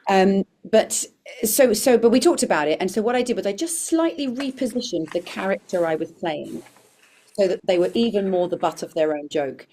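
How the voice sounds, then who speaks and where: A woman's voice: medium pitch, animated, moderate pace, darkish tone. A woman comedian and performer, a podcast guest, telling a story in an earnest, reflective way with frequent restarts. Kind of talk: conversational storytelling.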